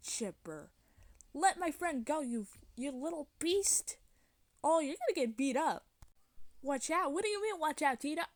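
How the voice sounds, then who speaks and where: A woman voicing a peppy, fiercely loyal female cheerleader bird who speaks in a higher, bouncier voice in a fan voice-acting story. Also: animated, slow, pauses often, darkish tone, no room sound.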